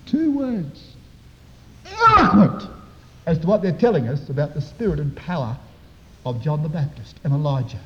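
A man preaching a sermon to his congregation, with dramatic, swelling emphasis and slow, drawn-out phrases. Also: a little high, very animated, a little mellow. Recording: dull echoey hall recording.

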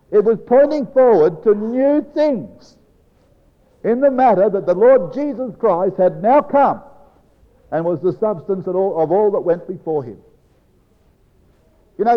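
A man preaching a Bible exposition to a congregation, slow and emphatic, dropping low and soft on key phrases. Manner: addresses congregation as brethren and sisters. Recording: dull lo-fi recording with long hall reverb.

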